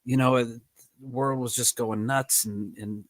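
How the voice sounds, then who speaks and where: Laid-back guy hosting a podcast, middle pitch, jokes around, dry close sound. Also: measured pace, no echo. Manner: relaxed, joking, frequent short agreements. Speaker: podcast host and drum teacher. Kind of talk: casual chat.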